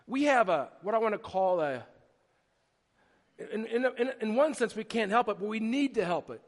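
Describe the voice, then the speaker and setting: A male pastor preaches a sermon in a church sanctuary, where long hall reverb echoes around him. He tells stories with animation and keeps restarting, his high-pitched voice moving at a moderate pace.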